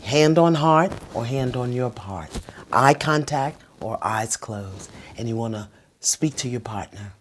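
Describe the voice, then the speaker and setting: A middle-aged woman hosting a relationship advice show, speaking straight to the viewer in an emphatic, preachy way that drops to a soft whisper for the guided phrases. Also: a bass voice, animated, measured pace. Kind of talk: talking straight to the viewer with tips.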